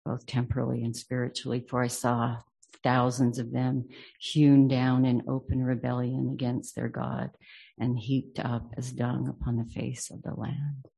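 This scripture teacher's mid-range voice is gravelly and husky, his reading slow, measured, and completely flat. In a mellow, dark tone, he leads an unhurried, reflective lesson, reciting verses and weighing them thoughtfully.

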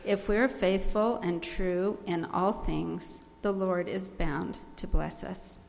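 A woman's voice: fairly low pitch, fairly even intonation, slow, creaky, a little mellow, long reverb tail. A woman closing a church talk with an earnest, reverent testimony from the pulpit. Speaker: church speaker.

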